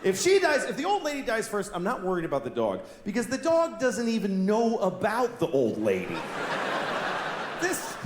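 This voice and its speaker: An exasperated middle-aged comedian working through a stand-up routine, his fairly high voice leaping all over the place. He is heard live on a handheld mic in an echoing venue, with steady room noise behind him. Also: normal speed. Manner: exasperated, acts out voices in wild jumps. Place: comedy stage in a large venue with audience.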